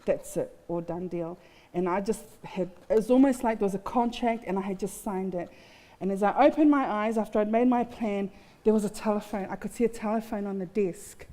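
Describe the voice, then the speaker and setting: A woman's voice: mid-range voice, fairly quick, warm tone. A woman giving a candid, heartfelt personal testimony with touches of self-mocking humor at a festival. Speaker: guest speaker. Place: festival stage in a large hall. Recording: long hall reverb.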